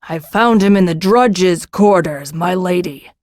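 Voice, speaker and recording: Loyal male guardsman in an audiobook, slow and seething, played by a woman. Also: lowish voice, dark tone, no room sound, studio quality. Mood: angry. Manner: tightly controlled anger.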